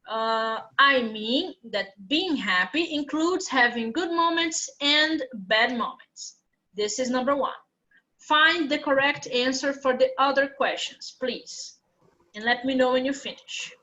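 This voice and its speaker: A woman teaching an English class live online, her voice high and bright. She speaks slowly and walks her students patiently through each point. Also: muffled recording. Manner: patient, explains step by step.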